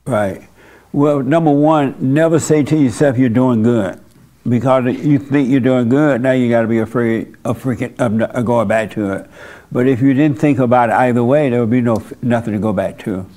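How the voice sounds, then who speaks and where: A man's voice: mid-range voice, normal speed, warm tone. Blunt, folksy male pastor. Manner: blunt, conversational, folksy asides. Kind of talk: informal church talk with congregation.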